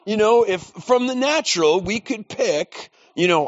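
Male pastor, chatty sermon style, slightly high voice, dry close sound. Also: expressive, measured pace, few pauses, no room sound. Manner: conversational storytelling preaching, with self-deprecating asides. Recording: dull lo-fi dry recording.

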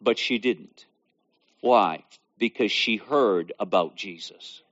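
A man's voice: fairly low pitch, slow, fairly bright tone. A man preaching a sermon, reading scripture aloud and expounding on it, repeating phrases with building emphasis. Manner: reads scripture then expounds with repetition and rising emphasis. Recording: dull lo-fi recording.

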